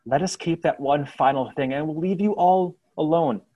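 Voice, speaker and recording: A captive elf pleads for mercy in a measured, slightly raised voice, as a man plays him. He speaks steadily and reasonably. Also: fairly high pitch, muffled recording, voice pushed up, natural voice. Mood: pleading. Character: calm male elf prisoner pleading.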